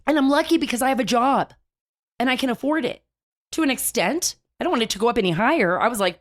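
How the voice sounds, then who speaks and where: A woman hosting a casual talk show, chatty and animated, telling stories with big swings in her voice. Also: a little high, quick pace.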